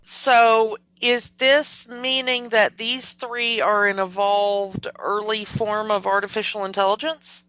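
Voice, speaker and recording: A woman's voice: medium pitch, little pitch movement, slow pace, hardly any pauses, a bit bright, no room sound. A woman co-hosting a podcast, chatting skeptically and animatedly about a movie, with plenty of fillers. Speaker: podcast co-host. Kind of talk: casual movie discussion. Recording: dull lo-fi podcast audio.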